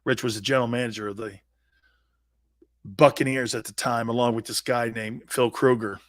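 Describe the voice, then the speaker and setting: A man's voice: mid-range voice, fairly even intonation, normal speed, no echo, studio quality. A man in his fifties, a sports talk host and former pro player, telling personal stories in a blunt, emphatic way with salty slang. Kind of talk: animated personal storytelling.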